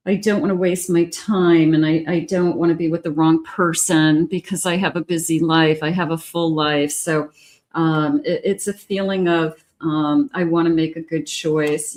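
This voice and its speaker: Low-voiced woman reading tarot cards. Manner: gentle, chatty, many fillers. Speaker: tarot reader.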